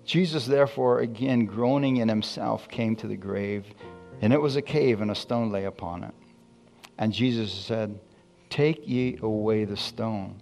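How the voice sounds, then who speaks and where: A man preaching a sermon, reading scripture slowly and calling out to his congregation. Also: on the low side, creaky, darkish tone, faint music behind.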